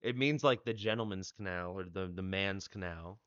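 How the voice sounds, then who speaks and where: A man's voice: low voice, normal speed, fairly bright tone, clear, resonant tone, no room sound. A man hosting a live stream, chatting and telling rambling stories full of restarts. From United States. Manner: rambling storyteller, restarts often. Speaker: streamer host. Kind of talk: casual chat. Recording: dry, dull lo-fi.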